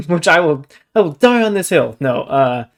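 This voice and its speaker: A young man co-hosting a book podcast, talking in a chatty, animated way and often saying "dude" and "like". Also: a little high, moderate pace. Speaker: podcast co-host. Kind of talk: casual book discussion.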